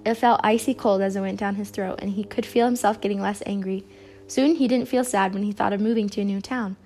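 A woman reading a children's picture book aloud. Her narration is expressive and even. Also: medium pitch, a little fast, faint music behind. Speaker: storybook reader.

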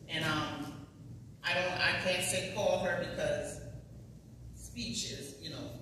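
A woman's voice: fairly low pitch, steady tone, slow, bright, forceful tone, a little hiss or hum. A woman teaching a Sunday school class in a church, talking in a folksy, emphatic, conversational way. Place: church hall. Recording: echoey church hall from far off.

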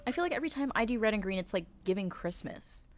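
A woman streaming a game, reacting with gushing, playful, dramatic excitement. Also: mid-range voice, fast. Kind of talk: live-stream commentary.

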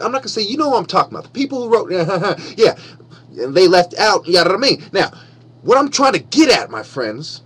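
A man with a high, husky voice rants into his webcam mic. He swears freely and grows louder as he goes, alternating between reading a text aloud and firing off heated commentary. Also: sing-song, brisk. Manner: angry, profane ranting; reads aloud, then breaks off to comment. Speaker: vlogger.

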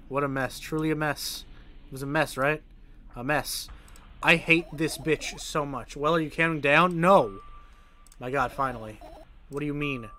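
A man's voice: medium pitch, bright, forceful tone, slight background noise. A man streaming a game, reading its text aloud and breaking in with sarcastic, swearing asides.

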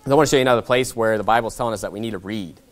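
A man's voice: racing, soft background music. A man, a pastor, preaching a sermon in a conversational way, often checking in with "okay?". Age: young adult to middle-aged. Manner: conversational preaching, wide swings in pitch and loudness, frequent "okay?".

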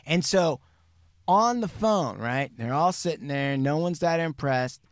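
A man's voice: on the high side, no echo, studio quality. A man hosting a podcast, telling a true crime story in casual chat, acting out the people he quotes and swearing freely. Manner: animated, acts out quotes, swears, speeds up and slows down. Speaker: podcast host.

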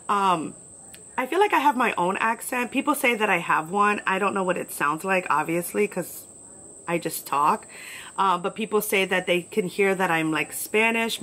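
A woman's voice: medium pitch, sharp tone, rough recording. A young woman from New York hosts her own podcast, talking loosely and bluntly with a light New York accent. Her voice sits in an ordinary middle range. She drops constant fillers and casual swearing as she rambles. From New York, USA. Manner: chatty, blunt, profane, filler-heavy. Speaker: podcast host. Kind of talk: casual solo podcast monologue.

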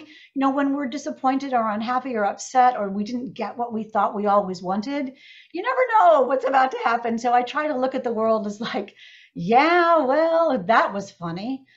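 Bubbly woman author on a muffled video call. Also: a little high. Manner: bubbly and affectionate, laughing often. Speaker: author guest. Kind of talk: casual chat on a video call.

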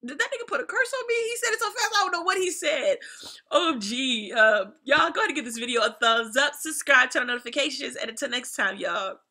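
A young woman hosting a casual reaction vlog, animated and laughing, with slangy chat. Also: high voice, fast. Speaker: YouTube reaction host.

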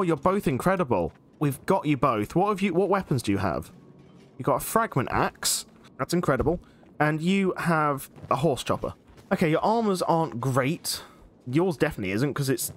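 A man giving chatty, excitable let's play commentary as he plays a game. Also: a little high, slight background noise. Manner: chatty, excitable, many fillers. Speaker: gaming channel host.

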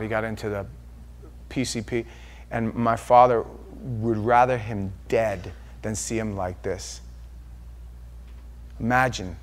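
A male pastor giving an impassioned sermon, swinging from hushed confession to loud emphasis. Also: on the low side.

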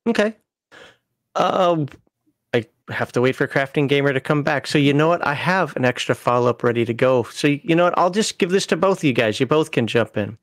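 A man hosting a casual panel discussion, asking questions with many halting restarts. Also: mid-range voice, expressive, no echo, studio quality. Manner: halting, restarts often while framing questions. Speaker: host of a role-playing panel stream.

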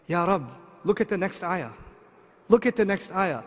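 A middle-aged man preaching a sermon, asking the audience lively rhetorical questions. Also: high voice, moderate pace. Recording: long hall reverb.

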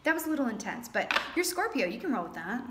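A woman giving a casual tarot reading to viewers, chatty and animated with playful exclamations. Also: a little high, quick pace, background noise. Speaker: tarot reader.

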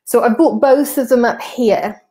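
A woman's voice: on the high side, a little slow, warm tone. A woman from North Wales, hosting a podcast and chatting through her slides step by step. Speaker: podcast host. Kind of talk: casual explanatory walkthrough of slides.

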